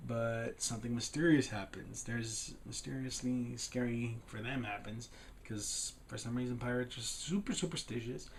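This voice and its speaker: A man's voice: mid-range voice, a little hiss or hum. A man giving a casual, rambling recap of a film's plot as a reviewer, slipping loosely into the characters' lines as he goes. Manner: rambling, retells scenes with loosely acted quotes. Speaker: film reviewer.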